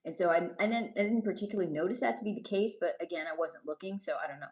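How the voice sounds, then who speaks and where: A woman from New York City hosts a livestream, chatting casually with viewers while reading their comments and teasing or scolding them. Her voice is on the low side and darkish, and she talks in a rapid-fire way.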